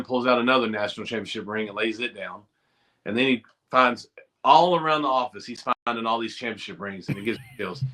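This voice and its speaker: Brief: middle-aged man, guest on a video call, bright forceful voice, animated storyteller. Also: medium pitch. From Eastern Kentucky. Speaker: guest, former college football player. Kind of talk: storytelling in a podcast interview.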